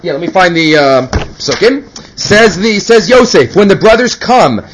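A man's voice: high-pitched, sing-song, measured pace, a little hiss or hum, low-quality recording. A man giving a casual Torah class, mixing Hebrew quotes into conversational English. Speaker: Torah teacher.

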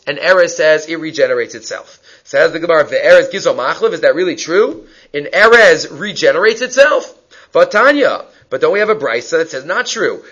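A man's voice: sits high, a bit bright. A man teaching a Talmud class, reading Aramaic lines and explaining them in English, asking and answering his own questions. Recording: dull lo-fi recording.

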